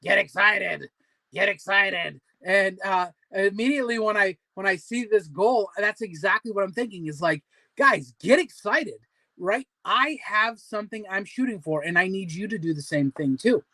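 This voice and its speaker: A man's voice: high voice, moderate pace, few pauses, sharp tone, dry recording. A man in his forties hosting a casual livestream weight-loss support chat, rambling and full of fillers as he pep-talks his viewers. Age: 40s. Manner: rambling, filler-heavy, motivational.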